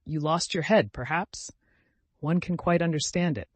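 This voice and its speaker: A man voicing a pompous, self-righteous gentleman who speaks formally and condescendingly. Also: a little high, moderate pace, dry recording, natural voice.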